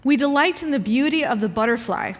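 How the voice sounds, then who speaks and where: Woman minister, animated storyteller, high voice, long hall reverb. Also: fairly quick. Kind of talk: sermon. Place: church hall.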